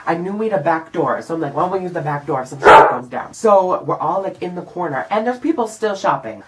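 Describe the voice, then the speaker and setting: A young man vlogging a casual storytime monologue, animated and profane, acting out what he said in the moment. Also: sits high, fast talker, heavy background noise. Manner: animated and profane, acts out his own lines.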